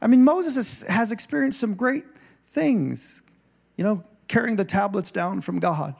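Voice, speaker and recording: Man, pastor, sermon in a church, fairly high pitch, chatty digressions, dramatic scripture readings. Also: expressive, measured pace, creaky, slightly rough. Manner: conversational and digressive, with restarts; acts out scripture voices with rising emphasis.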